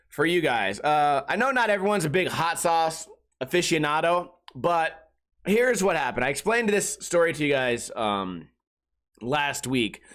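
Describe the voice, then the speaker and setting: Crude rambling man with a higher voice. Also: a bit bright. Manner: crude, rambling, heavy on filler words. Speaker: podcast host. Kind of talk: casual comedic podcast monologue.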